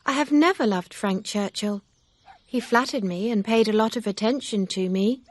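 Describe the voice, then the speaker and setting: A woman's voice: mid-range voice, normal speed, no room sound, voice pushed up, natural voice. A woman voicing an earnest, upset young woman in an audiobook reading, talking in a pleading, emphatic way.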